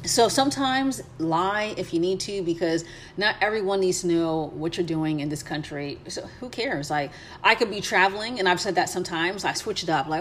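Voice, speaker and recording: A woman's voice: on the low side, normal speed, a little hiss or hum. An American woman giving travel tips in a casual, chatty way, with many fillers and restarts. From United States. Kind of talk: casual advice chat.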